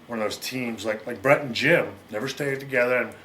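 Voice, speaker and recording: Middle-aged American man, interview guest, rapid rambling storyteller, faint noise bed. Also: mid-range voice, a bit bright. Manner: rapid, rambling, acts out quoted lines.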